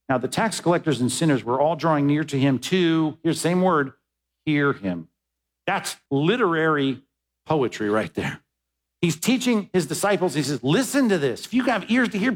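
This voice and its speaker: A man preaching with a slightly high voice that leaps up on stressed words and drops low for quiet points. He speaks as a pastor delivering a sermon, emphatic and swinging between rousing and conversational. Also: rough recording. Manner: conversational asides to the congregation.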